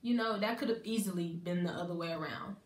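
A woman's voice: lowish voice, quick pace, reverberant, soft background music. Candid young woman telling a storytime. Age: young adult. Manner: candid, conversational, acts out family dialogue. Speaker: college student vlogger. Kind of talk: casual storytime.

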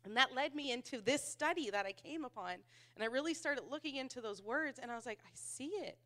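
A woman's voice: sits high, expressive, a little fast, pushed and bright. A married woman giving a church Bible teaching in a conversational way, laughing at herself and acting out the voices she quotes. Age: adult, married.

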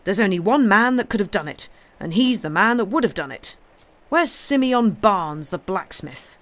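An outspoken village cobbler insists on his view, bluntly and without patience. A woman puts him on while reading a story aloud. He sounds forceful and sure. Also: fairly low pitch, moderate pace, close to an everyday voice. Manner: obstinate, blunt.

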